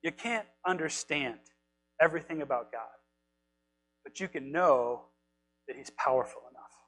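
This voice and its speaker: A man preaching a casual, animated sermon, retelling scripture stories and acting out the quotes in a conversational way. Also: on the high side, moderate pace, rough recording. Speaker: pastor.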